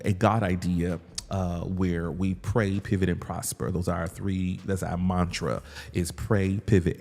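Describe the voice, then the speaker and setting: A man hosting a casual live stream, greeting the chat and talking about his ministry and business in relaxed slang. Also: low voice, vocal fry, in a large hall. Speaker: livestream host, ministry leader.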